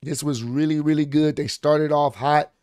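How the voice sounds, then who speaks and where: A man giving a casual, excited recap of a wrestling show, rambling with fillers and restarts. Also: a little high, normal speed, no echo, studio quality.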